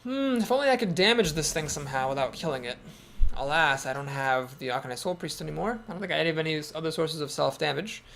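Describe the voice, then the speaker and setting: A man's voice: a little high, fast talker, gravelly, fairly bright tone, a little hiss or hum. A man giving casual commentary on a card game, thinking aloud in a wry, self-doubting way. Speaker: gameplay commentator.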